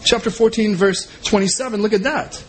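A man's voice: high voice, fairly quick, a bit bright, poor audio. A man preaching a sermon as pastor, in a conversational way and often repeating and restarting his words.

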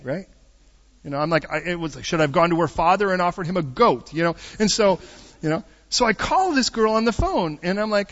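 A middle-aged man preaching a storytelling sermon, joking and swinging between loud bursts and hushed asides. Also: high voice, expressive, brisk. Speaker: pastor. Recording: dull lo-fi sound.

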